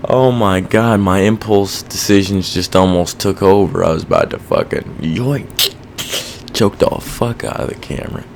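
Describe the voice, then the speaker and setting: A young man hosting a solo podcast, rambling casually and swearing a lot while thinking out loud. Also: low-pitched, very animated, moderate pace, gravelly, slight background noise. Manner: rambling, profane, self-reflective. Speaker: podcast host.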